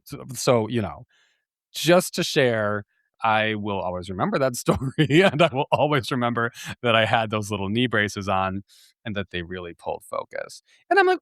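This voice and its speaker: A man hosting a podcast, telling a story in a chatty, animated way, laughing often and restarting his sentences. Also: mid-range voice, moderate pace, dry recording, studio quality. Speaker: podcast host. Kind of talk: casual storytelling monologue.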